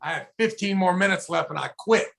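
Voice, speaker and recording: This man's gravelly voice sits high and moves a little fast as he spins a story on the podcast he co-hosts. The chat is casual, the language is freely profane, and he animatedly acts out people's quotes.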